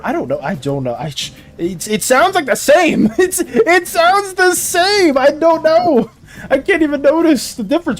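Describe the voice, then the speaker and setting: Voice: sits high, very animated, a little slow, faint music behind. A streamer chatting casually on a live stream, rambling and giggly while reacting to chat.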